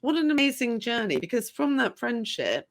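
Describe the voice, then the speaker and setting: A woman's voice: on the high side, big pitch swings, normal speed. A woman, from the UK, hosting an interview and responding with motivational, encouraging remarks. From United Kingdom. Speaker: interview host. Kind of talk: upbeat conversational interviewing.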